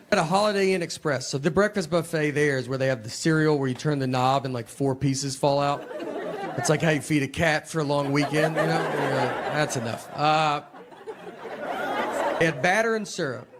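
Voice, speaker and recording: Stand-up comic, male, 40s, slightly high voice, slow deadpan delivery, live stage recording over roaring crowd laughter. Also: noisy background. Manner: slow deadpan storytelling, drawn-out pauses. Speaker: stand-up comedian. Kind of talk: stand-up comedy set. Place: large theater with a live audience. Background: loud audience laughter.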